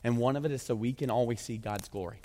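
A man preaching a sermon as pastor, animated and conversational, his voice climbing high when he presses a point. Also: fast talker. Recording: long hall reverb.

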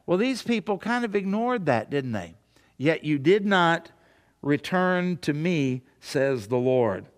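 A pastor preaching a sermon in a conversational way, often putting rhetorical questions to the congregation. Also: male voice, fairly high pitch, in a large hall.

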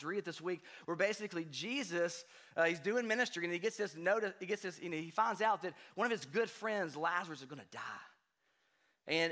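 A man preaching a sermon in a conversational way, often checking in with "right?" and swinging from hushed to loud. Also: sits high. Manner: conversational, frequent "right?" asides, animated swings from quiet to loud. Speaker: pastor.

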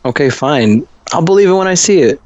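A man's voice: fairly high pitch, animated, a little fast, a little mellow, dry recording, muffled recording. A man in a casual group chat, sarcastic and joking, swearing freely.

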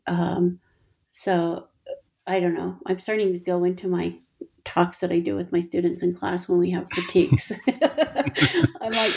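A woman's voice: on the low side, flat delivery, moderate pace, gravelly, a little mellow. A middle-aged woman artist and teacher talking reflectively in an interview, with frequent laughter and restarts. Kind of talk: conversational interview.

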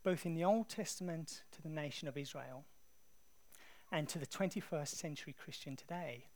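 An English man preaching to his congregation, with a voice that sits a little above the usual male range. He talks easily and conversationally and tells his stories with lively animation. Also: on the high side, normal speed. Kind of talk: sermon.

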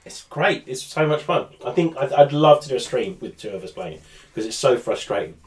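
A man's voice: mid-range voice, lively intonation, a little fast. Laid-back man, distant from the mic. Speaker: podcast co-host. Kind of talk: casual gaming podcast chat.

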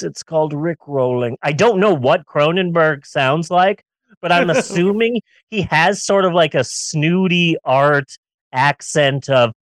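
A man's voice: on the high side, unhurried, no room sound. A man co-hosting a casual movie-review podcast, ranting sarcastically and riffing with jokes. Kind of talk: casual comedic film review chat.

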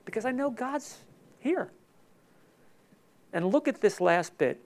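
A man preaching a sermon with emotion, swinging between loud emphatic passages and soft hushed ones. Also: extremely high pitch, animated, slow. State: tearful. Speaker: pastor.

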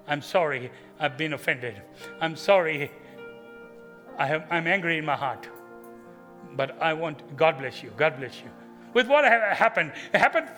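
A man preaching an altar call, pleading with listeners to stand and repent, then praying over them, swinging between fervent bursts and hushed prayer. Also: on the high side, long reverb tail.

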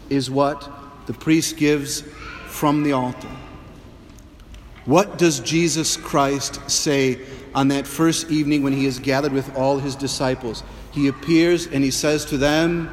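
A priest giving an Easter homily in a measured preaching voice with humorous asides. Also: male voice, fairly high pitch, long reverb tail, a little hiss or hum. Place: church.

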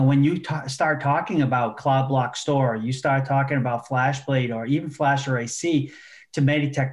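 Halting male guest, mid-pitched voice. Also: darkish tone. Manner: halting, with many repeated words. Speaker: guest, healthcare solutions specialist. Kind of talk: conversational interview.

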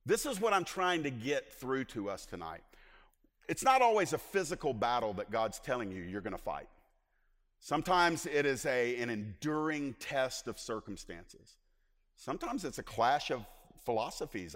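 A man preaching a sermon as pastor, swinging between loud emphatic lines and hushed asides. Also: mid-range voice, big pitch swings, normal speed, long reverb tail.

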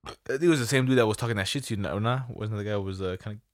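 Slangy low-voiced man, dry close mic. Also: racing, no echo. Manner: loose, slangy and profane, tells stories with quoted dialogue. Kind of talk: casual chat.

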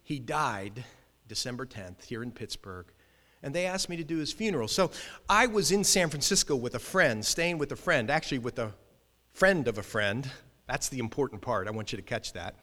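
Animated male pastor, emphatic storytelling sermon, bright and forceful tone, reverberant church hall. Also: mid-range voice. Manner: animated, emphatic, quick restarts.

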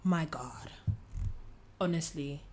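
Emphatic young woman, lowish voice. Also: slow, a little hiss or hum. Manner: emphatic, animated storytelling, slangy. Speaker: podcast co-host. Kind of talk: casual chat about films.

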